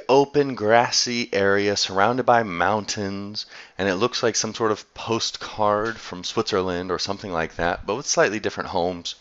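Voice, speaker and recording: A man's voice: fairly low pitch, muffled recording. A man telling a travel story in a casual, chatty way, laughing often as he goes.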